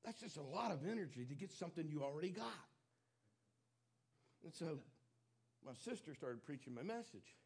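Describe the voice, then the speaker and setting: A man preaching a sermon, emphatic and confessional, swinging from loud declarations to hushed admissions. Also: a little high, sing-song, moderate pace, long pauses, husky.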